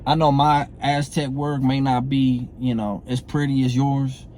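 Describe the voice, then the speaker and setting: A man's voice: medium pitch, level tone, measured pace, warm tone, a little hiss or hum. A middle-aged man, delivering a blunt, profane, confrontational monologue to camera and repeating himself for emphasis. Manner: heated, blunt, profane, repeats phrases and asks "you know what I'm saying". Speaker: former prison inmate calling out a comedian.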